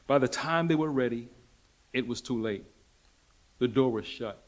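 A man preaching a sermon, emphatic and dramatic, swinging between loud declarations and hushed lines and repeating rhetorical questions. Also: medium pitch, moderate pace.

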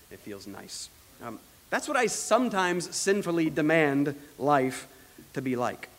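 A man preaching from the pulpit in an earnest, teaching manner, his voice sitting a little higher than most men's. He slows right down to press key points, then lets phrases fall away softly. The sound carries a long reverb, as in a large hall. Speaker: pastor. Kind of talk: sermon.

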